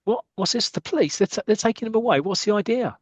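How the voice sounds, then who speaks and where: A man's voice: fairly high pitch, very animated, moderate pace, dry recording. Fields: figure: a man doing an anxious young football captain. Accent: British.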